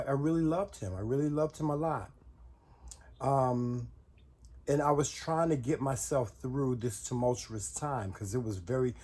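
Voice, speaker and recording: A man of middle pitch tells his viewers a personal story in a husky voice. He rambles, restarts and repeats words as he talks directly to them. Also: darkish tone. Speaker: vlogger telling a personal story. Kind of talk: casual storytelling.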